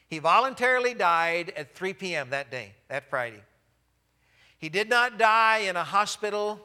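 Pastor guy preaching, high bright voice, repeats stuff for emphasis, goes quiet and low on the heavy parts. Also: in a large hall. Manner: emphatic, repeats key phrases. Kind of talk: sermon.

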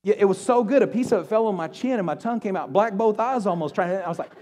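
Pastor preaching in a reverberant hall. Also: male voice, sits high, fast, few pauses. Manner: animated storytelling, acts out quoted voices. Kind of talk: sermon. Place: church sanctuary.

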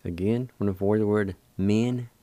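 A man with a Cherokee accent hosting a radio language lesson, slowly spelling words out letter by letter and pronouncing each syllable. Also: lowish voice, steady tone, warm tone, no room sound. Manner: slow, deliberate, spelling letter by letter. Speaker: radio language program host. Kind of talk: slow spelled-out pronunciation lesson.

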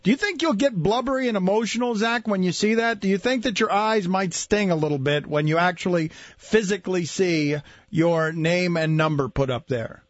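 A man's voice: sits high, moderate pace, dry recording. A man hosting a sports talk radio interview, teasing his guest and laughing often. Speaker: radio host. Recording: dull lo-fi radio audio.

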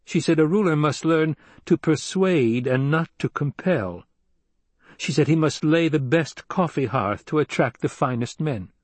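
A man voicing an earnest young noble heir, pitched higher than the narrator and pressing his words with urgency. The voice keeps a husky grain, recorded close and dry. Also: animated, a little slow, a little mellow, dry recording.

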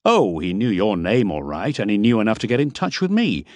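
A man's voice: lowish voice, very animated, a little fast, no room sound. A man playing a hired driver and guide who talks respectfully and a little indignantly while hiding his nerves. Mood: respectful indignation. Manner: respectful, indignant, a bit defensive.

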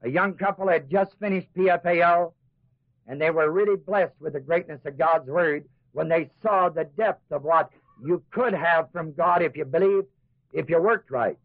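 Man, Bible teacher, sermon to a class, high voice, mocking asides, tinny dry old recording. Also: normal speed, dry recording. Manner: mimics doubters in asides, then preaches with rising emphasis.

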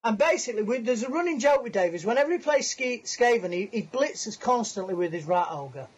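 A high-pitched man chatting on a video call, spinning a long tale with a self-mocking grin in his voice. The call audio is muffled and lo-fi. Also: lively intonation, fairly quick, slightly rough. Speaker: guest. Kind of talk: casual anecdote storytelling.

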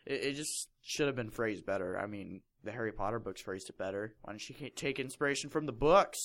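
A man's voice: lowish voice, fairly quick, a bit bright. A young man reading a fan fiction aloud in a casual comedic chat, mocking it and laughing often. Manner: mocking, laughs often, puts on silly voices for quotes.

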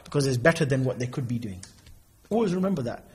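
A man's voice: mid-range voice, fast, slightly rough. A man preaching informally, telling stories and acting out the people in them. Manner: animated storytelling, mimics people in quoted exchanges. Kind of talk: informal sermon with acted-out dialogues.

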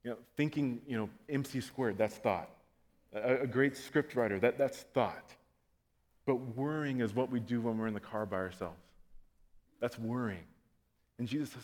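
A man preaching a sermon to his congregation, telling comic stories and acting out scenes, swinging from loud to quiet. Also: mid-range voice, moderate pace, long pauses, in a large hall. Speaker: pastor. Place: church auditorium, on stage.

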